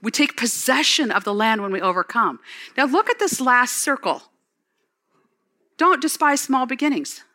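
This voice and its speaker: A woman pastor giving an excited, exclamatory sermon, later leading the congregation in prayer. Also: high-pitched, moderate pace. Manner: ends in spoken prayer.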